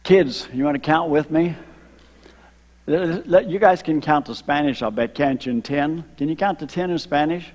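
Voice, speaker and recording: An older man from Ohio, a retired missionary, telling his story to a church congregation, slowing down for emphasis and drawing in the children. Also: fairly high pitch, darkish tone. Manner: storytelling, slows for emphasis, engages kids. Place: church sanctuary. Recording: long hall reverb.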